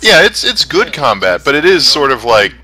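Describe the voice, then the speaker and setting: A man co-hosting a let's play, giving measured, analytical remarks. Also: medium pitch, sing-song, pushed and bright, rough recording. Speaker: co-host.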